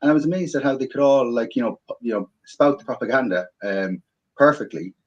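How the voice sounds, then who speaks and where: A man hosting a talk show, speaking haltingly with many repeated words and "um"s. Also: medium pitch. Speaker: host. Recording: dull lo-fi audio.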